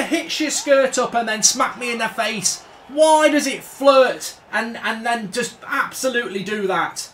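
A man's voice: very high voice, measured pace, few pauses, a bit bright, slight background noise. A man commenting live on his own gameplay, ranting and swearing in exasperated outbursts. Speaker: gaming streamer.

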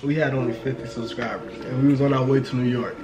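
A man's voice: medium pitch, little pitch movement, quick pace. A young man hosting a casual mukbang chat, joking and laughing with his mother. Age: young adult. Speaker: host. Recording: echoey room, music behind.

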